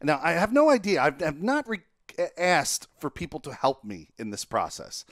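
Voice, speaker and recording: A man's voice: moderate pace, dry recording, studio quality. A young man hosting a gaming podcast, telling a frustrating story with lots of swearing, his voice shooting up when he gets worked up. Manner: profane, animated storytelling, voice jumps high when exasperated. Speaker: podcast host. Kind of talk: casual chat.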